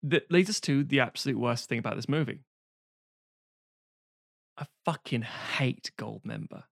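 A man's voice: medium pitch, a little slow, creaky, a bit bright, no echo, studio quality. A man co-hosting a casual film-review chat, sarcastic and swearing freely, slipping into mock voices. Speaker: podcast co-host.

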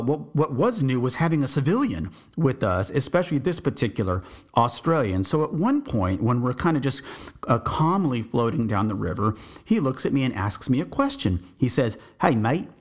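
A man from Texas, an army veteran hosting a podcast, telling his service memories in a reflective, meandering way with frequent restarts. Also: medium pitch. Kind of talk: storytelling memoir.

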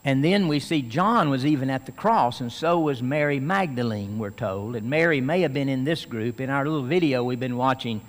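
A man's voice: mid-range voice, moderate pace, few pauses. Man, pastor, sermon, earnest, emphatic, reverberant hall.

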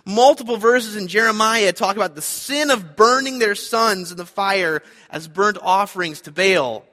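A man's voice: high-pitched, moderate pace, bright, forceful tone, big-room sound. A man preaching a sermon, earnest and emphatic, repeating his key points. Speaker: pastor.

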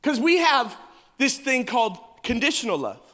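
Man, pastor, high-pitched, emphatic humorous sermon, long church reverb. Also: sing-song, moderate pace, bright, forceful tone.

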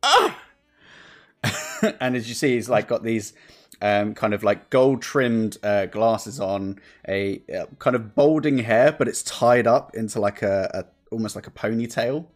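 A man narrating as game master in a relaxed, rambling way with many fillers. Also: fairly low pitch, normal speed.

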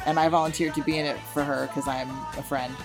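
A young woman with a notably low, deep speaking voice tells stories in a loose, chatty way. She keeps up a casual back-and-forth, often acting out what people said. Faint music sits underneath. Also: fast talker. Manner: animated storytelling with quoted voices. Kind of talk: casual chat.

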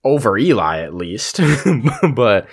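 A man co-hosting a casual film discussion, animated and swearing often, with many fillers. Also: lowish voice, normal speed. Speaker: podcast co-host.

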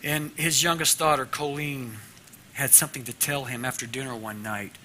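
A man teaching a class devotional in an earnest way, moving from loud teaching to a hushed prayer. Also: medium pitch, steady tone, moderate pace, a little hiss or hum.

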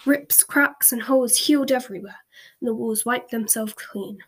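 Woman, breathy voice, fairly high, whispered storybook reading, slow and hushed. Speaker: story reader.

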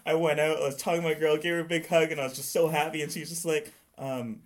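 A man's voice: fairly high pitch, fairly quick, few pauses. A man from Canada, a powerlifter and guest, recounting his side in an easygoing way in a casual chat. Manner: easygoing, laughs along while recounting.

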